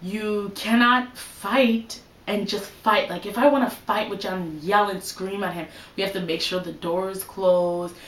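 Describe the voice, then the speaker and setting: A woman's voice: mid-range voice, fairly even intonation, measured pace, hardly any pauses, roomy sound, rough recording. A young woman giving casual advice in a vlog, chatty and full of "like" and "you know". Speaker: vlogger.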